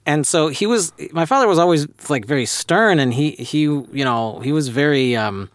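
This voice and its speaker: A man's voice: on the high side, animated, moderate pace, no room sound. A young man telling a school story in casual chat, hesitant with many restarts. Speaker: storyteller recalling school days.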